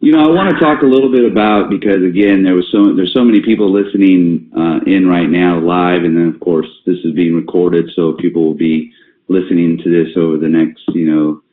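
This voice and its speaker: A man's voice: low-pitched, fairly even intonation, fairly quick. A man hosting a company conference call, talking casually with many fillers and restarts. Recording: tinny phone line with roomy echo.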